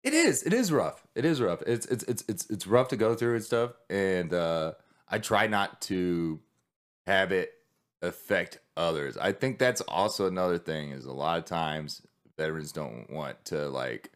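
A man's voice: sits low, lively intonation, unhurried. A man who is a military veteran, talking candidly in a casual podcast conversation, rambling with many restarts and swearing.

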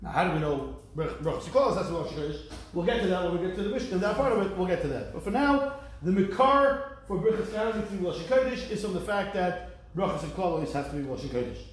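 Rabbi lecturing in an echoey room. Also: male voice, high voice, animated, fast, hardly any pauses. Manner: explains texts, reading Hebrew verses with a rising lilt; jokey asides with the class. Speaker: rabbi teaching Talmud. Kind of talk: Talmud class lecture.

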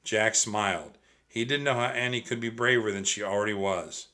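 A man reading a children's book aloud, expressive and speaking straight to young listeners. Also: lowish voice, normal speed. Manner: expressive, addresses kids directly. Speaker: storyteller.

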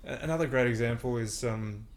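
This man, a breathing coach appearing on a podcast, has a mid-range voice and a brisk pace. He explains casually and conversationally, often repeating words as he works through his thoughts.

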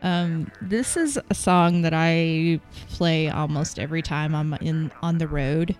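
Slow-talking, giggly woman in her thirties. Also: sits low, soft background music. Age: 30s. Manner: relaxed, giggly, rambling. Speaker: podcast co-host. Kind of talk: casual chat.

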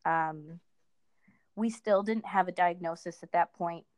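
A middle-aged woman speaking as a guest in a casual conversation, pausing often and restarting her sentences. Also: fairly low pitch, no room sound, clean studio sound. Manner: halting, many fillers and restarts.

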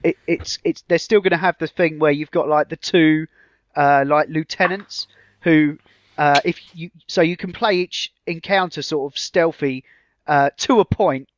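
A man's voice: a little high, unhurried, muffled recording. A man co-hosting a podcast, chatting casually about video games, hesitant and full of fillers. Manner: hesitant, many fillers and restarts. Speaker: podcast co-host. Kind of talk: casual chat.

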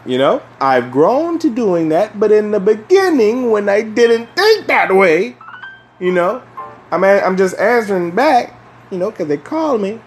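A man's voice: high voice, measured pace, slight background noise. Rambling, profane young man. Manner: rambling, profane, filler-heavy, animated when ranting. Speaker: podcast host. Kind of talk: casual solo chat.

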